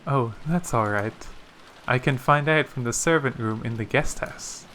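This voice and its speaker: A man's voice: mid-range voice, a little slow, fairly bright tone, slight background noise, natural voice. A man voicing a polite, timid young female maid, reading a visual novel aloud with humble, deferential speech.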